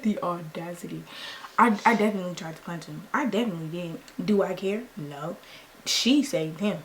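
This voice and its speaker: Young woman, beauty vlogger, casual storytime, slangy and lively, faint noise floor. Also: lowish voice, normal speed, rough recording. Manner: animated, slangy, acts out quoted lines. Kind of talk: casual storytime while doing makeup.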